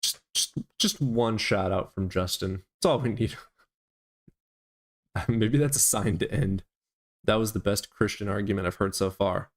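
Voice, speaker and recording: A man's voice: on the low side, measured pace. A man hosting a livestream in a casual, provocative, crude way. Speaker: livestream host.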